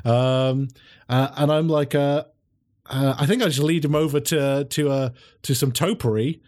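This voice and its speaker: A man playing a tabletop game, talking in a hesitant way with many pauses and fillers. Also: fairly high pitch, steady tone, a little mellow. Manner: hesitant, full of ums and uhs. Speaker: player. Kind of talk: tabletop game play and chat.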